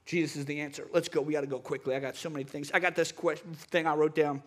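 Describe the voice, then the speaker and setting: High-voiced man preaching fervently. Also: fast, hardly any pauses. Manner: fervent, builds to excited preaching with repeated phrases. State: excited, wound up. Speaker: pastor. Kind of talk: sermon.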